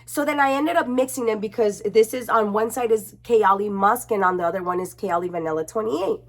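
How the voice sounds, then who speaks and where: A young woman chatting casually to her camera at home, expressive and chatty, swearing freely. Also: mid-range voice, a little fast. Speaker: beauty vlogger.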